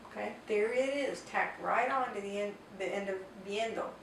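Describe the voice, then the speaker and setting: A woman's voice: medium pitch, gravelly, a bit bright. Woman teaching grammar in an echoey room. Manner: slow, careful explanation with Spanish example sentences. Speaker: Spanish teacher. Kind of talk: whiteboard grammar lesson. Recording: echoey room, distant mic, faint noise.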